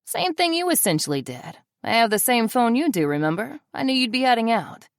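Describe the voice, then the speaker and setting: A woman's voice: fairly high pitch, sing-song, a little fast, dry recording, voice pushed up. A woman reading the part of a smug young man who teases his partner dryly, in an audiobook. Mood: teasing. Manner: dry teasing.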